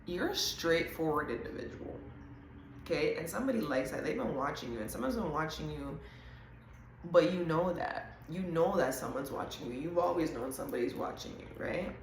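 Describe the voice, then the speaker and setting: A woman hosts a casual intuitive reading, talking to viewers in a chatty, animated way with quick asides. Her voice sits a little low. The room gives it a noticeable echo, with a faint hum of ambience. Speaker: host.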